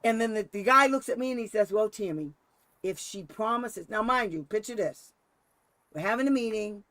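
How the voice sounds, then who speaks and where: In a dry recording, a man with a high, fairly quick voice spins a story during a casual talk he hosts. The special education advocate laughs a lot and performs each quote in character.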